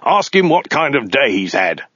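A brutal soldier, played by a male storyteller, barks and snaps his orders. His voice sits fairly low and sounds rough. The recording is dry and dull. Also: slow pace, sharp tone, no room sound, exaggerated voice. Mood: harsh. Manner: barking, snapping, hissing.

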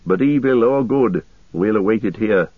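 A man voicing a calm, weary male ranger leader, speaking in a measured, grave way. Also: lowish voice, breathy edge, no echo. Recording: tinny narrow-band radio sound.

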